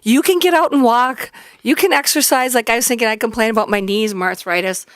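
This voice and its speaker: A woman guest chatting on a radio show, telling lively stories and acting out what people said. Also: a little high, brisk, dry recording, clean studio sound. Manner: excitable storyteller, acts out quotes. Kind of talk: casual chat. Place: radio studio.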